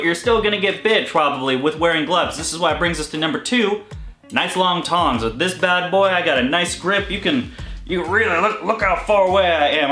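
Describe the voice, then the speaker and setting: A man hosting a casual reptile-care vlog from a reptile room in his home, talking in an excitable, joking way. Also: a little high. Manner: excitable and joking, yelps in pain when bitten. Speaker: reptile keeper and channel host. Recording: echoey room with faint music.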